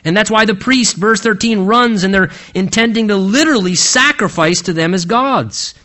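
A man preaching a sermon as pastor, earnest and emphatic, rising to high stresses and dropping to hushed low phrases. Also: moderate pace.

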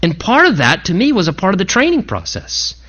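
A middle-aged man preaching a sermon, earnestly quoting scripture with dramatic pauses. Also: high-pitched, huge pitch swings, pushed and bright, lo-fi sound. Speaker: pastor.

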